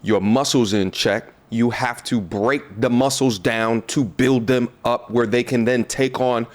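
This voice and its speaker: A male host delivering blunt, emphatic commentary, lecturing his viewers in a preachy tone. His voice sits at an ordinary middle pitch. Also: steady tone, measured pace. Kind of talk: opinionated commentary on clips.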